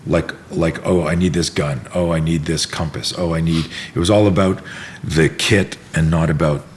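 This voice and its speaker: A middle-aged man with a very low, deep voice spins a story in a relaxed interview, jumping into other people's voices and swearing freely. A faint room hum sits behind him. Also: moderate pace. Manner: animated storyteller, acts out quotes, swears freely. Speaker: self-defense instructor, podcast guest.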